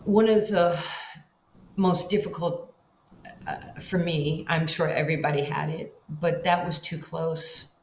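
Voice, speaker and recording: An older woman tells stories in an interview, her voice sitting fairly low. She acts out quoted lines with big swings in pitch. The sound carries an echoey room with faint ambient hiss. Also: steady tone, a little slow. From Far Rockaway, Queens, New York. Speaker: guest, basketball Hall of Famer. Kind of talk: storytelling in a podcast interview.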